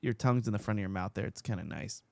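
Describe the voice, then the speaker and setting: Joking podcast host, dry close sound. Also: male voice, lowish voice, rapid-fire, creaky, no echo. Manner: rambling, jokey, reads out listener posts. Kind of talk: casual chat.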